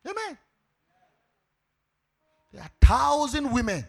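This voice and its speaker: A male pastor with a Ghanaian accent preaching a sermon, animated, breaking into sung phrases and shouts. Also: high-pitched, moderate pace, breathy edge.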